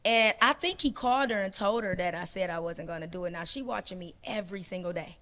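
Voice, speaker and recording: A woman who is a guest on a panel talk, chatting casually and telling a personal story with animated energy, acting out the dialogue as she goes. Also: lowish voice, fast talker.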